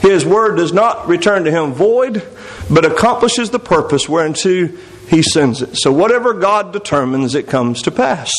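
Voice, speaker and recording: A man's voice: fairly high pitch, animated, normal speed, low-quality recording. A man preaching a sermon, explaining scripture verse by verse and reading passages aloud. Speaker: pastor.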